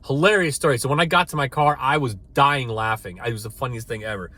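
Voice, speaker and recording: A man's voice: mid-range voice, fast talker, bright, forceful tone, no room sound. A man telling a rambling, funny personal story to camera as a network marketing coach, often restarting his sentences and laughing at himself.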